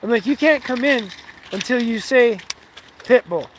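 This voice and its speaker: A man vlogging outdoors while standing in a stream with his dog, musing slowly and emotionally and coaxing the dog to talk. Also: very high voice, lively intonation, fairly bright tone, slight background noise, low-quality recording. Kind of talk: casual outdoor vlog.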